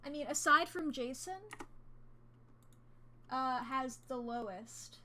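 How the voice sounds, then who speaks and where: A woman streaming a game, chatting casually and excitably, swearing freely and rambling as she plays at a home desk setup. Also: sits high, takes it slowly. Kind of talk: casual gameplay commentary.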